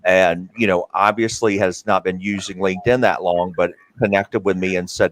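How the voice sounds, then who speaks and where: A man's voice: sits low, fairly even intonation, moderate pace. A man hosting an interview about careers, talking earnestly with many fillers and restarts. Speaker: podcast host. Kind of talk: interview conversation.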